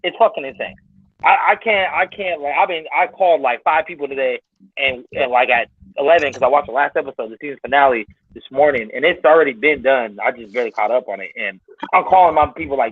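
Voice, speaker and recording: A man's voice: medium pitch, quick pace, slightly rough, no echo. A man chatting casually as a podcast guest, blunt and emphatic, with frequent cursing. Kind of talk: casual chat. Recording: tinny phone-like line, very dry.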